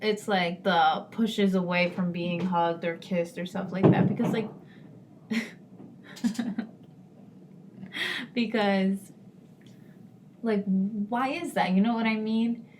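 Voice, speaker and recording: A woman's voice: mid-range voice, steady tone, takes it slowly, pauses often, a little mellow, slight background noise. A young woman co-hosting a podcast in casual chat, frank and chatty, often laughing. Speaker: podcast co-host.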